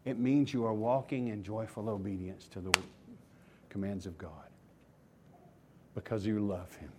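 Emphatic male preacher swinging loud and hushed. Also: lowish voice, steady tone, measured pace, heavy background noise. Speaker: pastor. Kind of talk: sermon. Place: church sanctuary.

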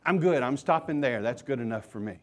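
Male pastor mid-sermon: mid-range voice, earnest preaching, big shifts from loud emphasis to near-whispered asides. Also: expressive, a little fast. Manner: preaching with wide swings from loud emphatic questions to hushed low asides. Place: church sanctuary.

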